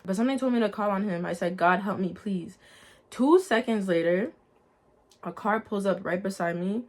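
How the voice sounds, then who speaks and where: A woman's voice: mid-range voice, a little fast. A young adult woman sharing a personal faith testimony in a casual, earnest storytelling way, talking straight to her viewers. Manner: earnest, lively storytelling, addresses viewers as guys.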